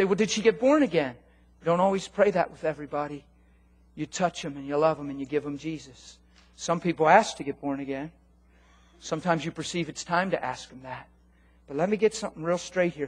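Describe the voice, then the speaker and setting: A man preaching a sermon in a church, animated, swinging from loud commands to low, quiet appeals. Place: church hall.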